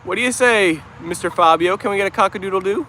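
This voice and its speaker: Livestream host: man, high-pitched and cheerful, chatting outdoors while reading viewer comments, with faint outdoor noise behind. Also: fast talker, pushed and bright. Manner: upbeat, chatty, greets viewers by name. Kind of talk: casual livestream chat, reading viewer messages aloud. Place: outdoors in a yard with dogs and chickens.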